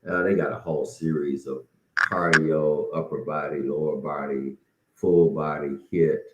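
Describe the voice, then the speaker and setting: A man's voice: very deep voice, fairly even intonation, a little slow, noisy background. A middle-aged man hosting a casual solo podcast, folksy and encouraging, slightly out of breath. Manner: folksy and encouraging, with frequent restarts. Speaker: podcast host. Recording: roomy, dull lo-fi sound.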